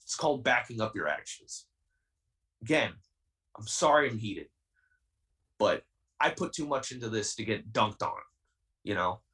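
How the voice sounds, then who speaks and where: A man's voice: lowish voice, lively intonation, a little slow, long pauses, sharp tone, distant mic, rough recording. Heated young man, a bit off-mic. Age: 20s. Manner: intense, defiant, repeats himself. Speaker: wrestler guest. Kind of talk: heated podcast interview.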